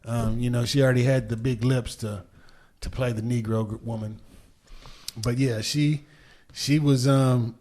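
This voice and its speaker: A man's voice: mid-range voice, fairly even intonation, unhurried, dark tone. A man co-hosting a podcast in casual chat, giving blunt, emphatic opinions. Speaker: podcast co-host.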